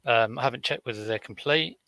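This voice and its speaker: A man's voice: medium pitch, brisk, vocal fry, pushed and bright, no echo. A man, chatting casually on a live stream as a reseller, rambling through stories with many fillers and restarts. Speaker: reseller vlogger.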